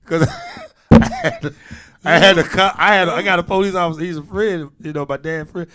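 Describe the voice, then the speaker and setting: A man's voice: high voice, huge pitch swings, fairly quick, fairly bright tone. A young man co-hosting a podcast in casual chat, telling a story with laughs and acting out both sides of a traffic stop. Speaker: podcast co-host.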